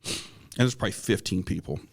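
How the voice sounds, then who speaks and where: Low-pitched, creaky, and slightly breathy, a man on a podcast briskly recounts his own ghost story as co-host. He's casual and earnest throughout, restarting frequently and coughing now and then.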